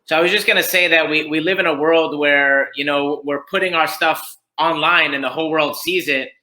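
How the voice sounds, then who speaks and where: A man's voice: a little high, fairly even intonation, moderate pace, bright, forceful tone, low-quality recording. A man, a freestyle rapper, talking as a guest in a casual video-call interview, emphatic and casually swearing.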